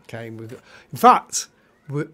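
A man's voice: mid-range voice, big pitch swings, moderate pace, a bit bright. A man co-hosting a casual livestream, chatting with viewers in a jokey way and reading out their comments. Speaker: livestream co-host. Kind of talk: casual live chat with viewers.

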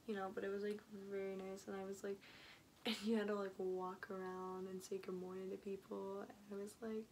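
A young woman talks through a casual video diary in a chatty, rambling way, often sinking into a whisper. Her pitch sits in a middle range. A faint hiss of ambient noise runs under the camera mic. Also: level tone, fairly quick, darkish tone, low-quality recording. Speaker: vlogger.

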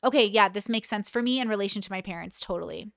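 A woman's voice: mid-range voice, fast talker, vocal fry, a bit bright, no echo, clean studio sound. A woman in her thirties hosting a reaction commentary, talking candidly and emotionally with many restarts. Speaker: commentary host.

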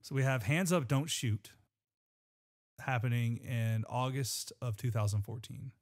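Guy on a church podcast, mid pitch, earnest, rambles and restarts a lot. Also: unhurried. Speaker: podcast co-host. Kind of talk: scripture reading and casual chat.

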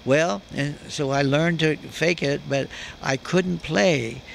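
A man's voice: a little high, takes it slowly, vocal fry, a little hiss or hum. An older man, a guest actor, telling chuckling anecdotes in an interview at a convention. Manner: chuckling storyteller. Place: convention floor.

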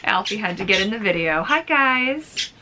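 A woman hosts a casual vlog unboxing a pet bird, chatting and giggling with lots of fillers and using baby talk with her bird. Her medium-pitched voice has lively intonation and a normal speed, with noise in the background.

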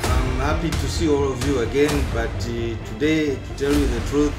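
A man's voice: medium pitch, steady tone, moderate pace, hardly any pauses, darkish tone, echoey room, faint music behind. A man giving a rambling, indignant comic monologue that is full of stammers and restarts. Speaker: comedy channel host in character.

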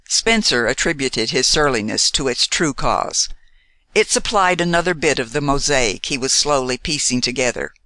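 A man narrating a novel with a bright, forward tone and a lively pitch that rises and falls through each sentence. The reading is measured and expressive, recorded close with a dry sound. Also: no echo. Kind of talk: scripted audiobook narration.

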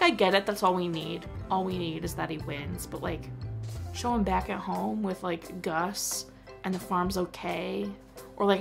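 A woman's voice: mid-range voice, vocal fry. A young woman chatting casually as she reviews a movie for her vlog, filling her talk with "like.". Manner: chatty, full of "like" fillers.

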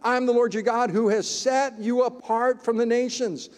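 High-voiced male pastor preaching in a hall. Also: fairly even intonation. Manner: emphatic, conversational preaching with dramatic pauses. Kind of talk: sermon. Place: church sanctuary.

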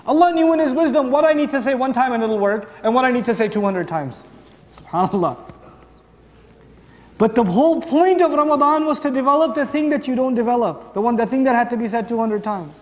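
Male preacher, high voice, animated, lets quick dialogues play out, big reverberant hall. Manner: animated, acts out dialogues for the audience. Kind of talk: sermon. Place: large hall with long reverb.

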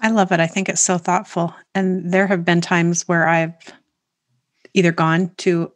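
A woman's voice: fairly low pitch, little pitch movement, a little slow, no room sound. A woman co-hosting a podcast, answering candidly and thoughtfully in casual chat. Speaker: podcast co-host.

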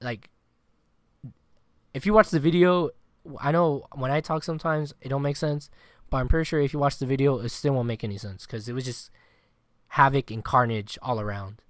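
A man's voice: medium pitch, normal speed, a bit bright, dry recording, studio quality. A man co-hosting a sports podcast, telling a long story in a rambling, casual way, full of filler words and the odd swear word. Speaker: podcast co-host.

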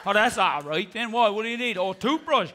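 A man's voice: sits high, animated, a little fast, bright, forceful tone. A man voicing a chatty, crude Newfoundland local who gives long rambling directions, with a Newfoundland accent. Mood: friendly.

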